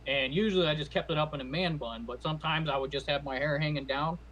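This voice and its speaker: Measured man talking on a podcast. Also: fairly high pitch, fairly bright tone, muffled recording, slight background noise. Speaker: podcast co-host. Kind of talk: casual opinion chat.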